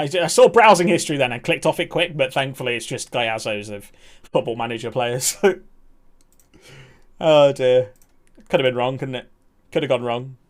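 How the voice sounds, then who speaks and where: Chatty man streaming live. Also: medium pitch. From England. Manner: chatty, laughs often, reacts to chat. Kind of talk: casual live-stream chat.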